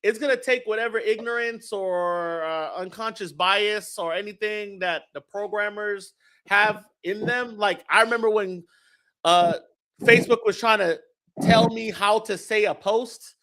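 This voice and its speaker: A man hosting a casual fan-show chat, talking in a high voice with a bright, forceful edge. He is animated and profane, and he reads viewer comments aloud as he riffs. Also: a little slow. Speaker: podcast host.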